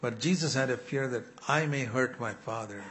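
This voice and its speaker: A man's voice: mid-range voice, moderate pace, a bit bright, slight background noise. Earnest older man preaching a sermon. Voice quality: clears his throat often. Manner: earnest, pleading, with quoted prayers.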